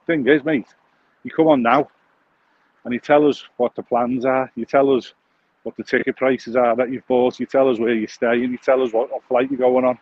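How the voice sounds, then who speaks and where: A man's voice: mid-range voice, steady tone, normal speed. A man, hosting a podcast in a crude, jokey, rambling monologue full of swearing and restarts while walking outdoors on a phone mic. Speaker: podcast host. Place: outdoors, walking along a street. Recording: dull lo-fi sound with faint outdoor noise.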